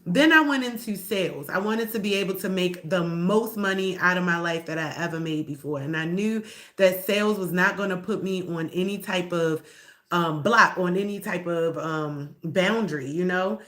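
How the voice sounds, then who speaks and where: A woman's voice: fairly low pitch, moderate pace, fairly bright tone. A woman on a live stream telling her own story to viewers, blunt and profane, calling them y'all and pushing back at doubters. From Baltimore area. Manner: heated and confrontational.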